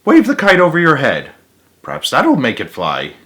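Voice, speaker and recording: A steady, encouraging storybook frog, put on by a man reading aloud, coaxing and patient. His lines bounce with a lively, expressive lilt. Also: a little high, moderate pace, pitched above the performer's own voice, exaggerated voice.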